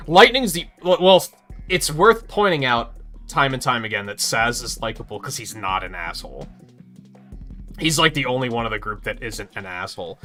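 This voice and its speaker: A man's voice: mid-range voice, normal speed, faint music behind. A man hosting a live game stream, chatting casually and ranting with lots of swearing. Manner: profane, animated ranting. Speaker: livestream host. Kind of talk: casual chat while gaming.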